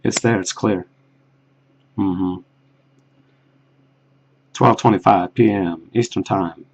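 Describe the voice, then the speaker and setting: Slow, gravelly man on a dull lo-fi recording. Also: low-pitched, steady tone. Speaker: video blogger. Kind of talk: rambling solo monologue.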